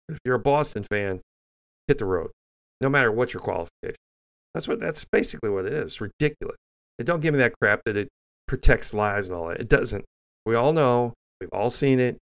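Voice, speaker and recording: A man's voice: on the low side, creaky, fairly bright tone. An older man hosting an opinionated news commentary show, blunt and scornful, often restarting sentences with fillers.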